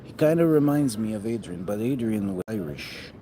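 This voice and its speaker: A man's voice: lowish voice, animated, normal speed, warm tone. A man talking in a rambling, profane monologue that often trails off mid-thought. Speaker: vlogger. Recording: noticeable background noise.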